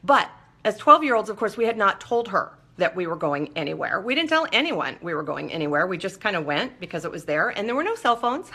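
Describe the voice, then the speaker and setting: Female host, bright forceful tone, mid-range pitch, lively chatty storyteller with playful asides. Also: a little fast, husky. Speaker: show host. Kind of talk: personal storytelling on a talk show.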